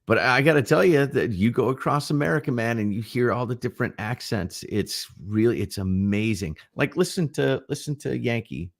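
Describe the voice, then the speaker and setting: A middle-aged man co-hosting a casual livestream chat, telling rambling, animated stories. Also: mid-range voice, fairly quick, gravelly, few pauses. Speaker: livestream co-host.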